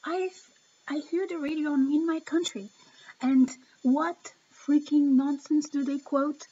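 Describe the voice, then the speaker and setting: A woman's voice: high-pitched, unhurried, dark tone, dull audio. A woman giving an impassioned, emotional opinion vlog, talking straight to the viewer. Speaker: vlogger.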